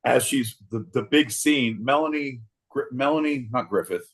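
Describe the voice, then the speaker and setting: A man's voice: medium pitch, normal speed, slightly rough. A man co-hosting a podcast, rambling through crude jokes and laughing often in casual banter. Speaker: podcast co-host.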